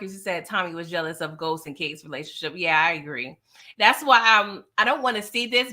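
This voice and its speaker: A woman casually recapping a TV series, acting out the characters' lines with lots of laughs. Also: lowish voice. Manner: animated, acts out characters' lines, laughs often. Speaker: TV recap YouTuber.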